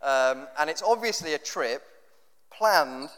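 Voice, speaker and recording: Preacher with hall reverb. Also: male voice, fairly high pitch, takes it slowly. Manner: conversational, animated with rhetorical questions. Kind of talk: sermon.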